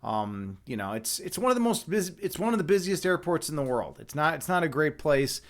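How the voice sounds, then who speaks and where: A man hosts a casual live stream from his home setup, rambling and joking with many restarts. He is a livestream host, chess instructor, and meditation guide, and his voice is fairly high, very animated, and fairly quick.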